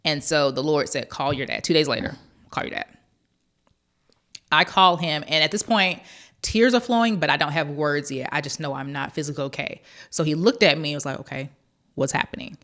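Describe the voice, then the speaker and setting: A woman's voice: low voice, fairly quick. A woman from Georgia, a podcast guest, telling an emotional personal story with heartfelt intensity. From Georgia, USA. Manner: heartfelt, quotes others in a softer voice.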